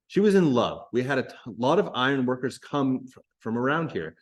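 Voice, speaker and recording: A confident, teasing local woman who tells a strange story as if it were plain fact, read aloud by a man. Her delivery is even and unbothered. It is a plain reading of a play script. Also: mid-range voice, brisk. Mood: matter-of-fact. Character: confident local woman telling a wild tale.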